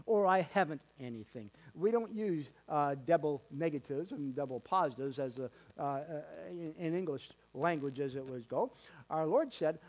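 Male pastor, folksy sermon delivery, high voice, hammers repeated words, lots of ums. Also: animated, normal speed, a little mellow. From Canada. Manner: folksy, repetitive emphatic preaching with many fillers. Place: church sanctuary.

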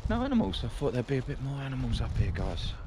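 A man's voice: medium pitch, huge pitch swings, quick pace. A man chatting casually to his viewers while walking his dogs in the woods, rambling from one thought to the next, recorded on a handheld camera. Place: outdoor woodland on a windy day. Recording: wind and outdoor noise.

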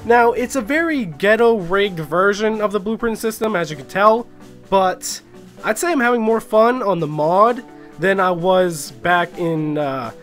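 A young man giving casual, excitable gameplay commentary, swearing and chatting with other players. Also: sits high, measured pace, faint music behind. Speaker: gaming YouTuber.

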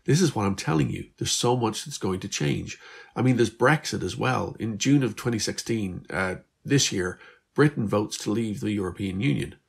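A weary but hopeful Irish teenage girl who talks fast and earnestly and sounds a bit exasperated, as a man voices her. Her voice is only lightly raised and keeps a gravelly, husky edge. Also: fairly low pitch. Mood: explaining. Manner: chatty, earnest, slightly exasperated.

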